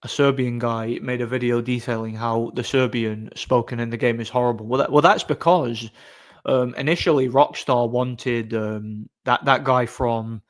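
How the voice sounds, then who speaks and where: A man's voice: medium pitch, fairly even intonation, moderate pace. Rambling man chatting on a livestream. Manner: rambling, chuckling, many restarts. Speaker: livestream host. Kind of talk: casual livestream chat.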